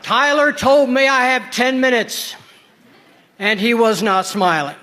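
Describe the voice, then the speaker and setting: An older man from Southern Illinois, a retired pastor, giving a measured conference address with wry storytelling asides. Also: extremely high pitch, lively intonation, bright, forceful tone, slight background noise. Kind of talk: formal conference address with humor. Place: large conference hall. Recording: long reverb of a large conference hall.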